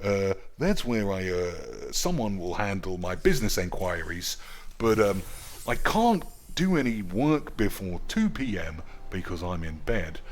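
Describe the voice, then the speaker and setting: A man ranting sarcastically over gameplay, crude and rambling, jumping into high mock shouts. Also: very animated, a little slow. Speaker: gaming video host.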